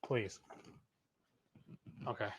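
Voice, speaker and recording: A man's voice: extremely slow, fairly bright tone. A man hosting a live cooking stream, chatting casually while he cooks. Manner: laid-back, talks while cooking.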